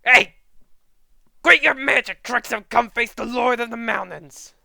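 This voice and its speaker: A man voicing a brash, wild young male fighter who shouts angrily. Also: high voice, lively intonation, moderate pace, gravelly, no echo, clean studio sound, voice pushed up, heavily acted. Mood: angry shouting. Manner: loud angry shouting.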